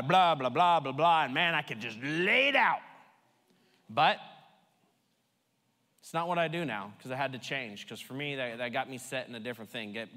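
A man's voice: mid-range voice, pushed and bright. A man preaching a sermon in a conversational, emphatic way, playfully repeating words for effect. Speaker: pastor. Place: church sanctuary. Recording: long hall reverb.

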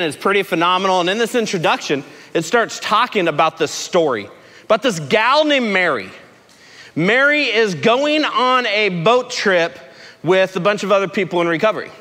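Bright-voiced man preaching in a reverberant hall. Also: high-pitched. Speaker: pastor at a recovery ministry. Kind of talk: storytelling sermon. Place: large room with a gathered group.

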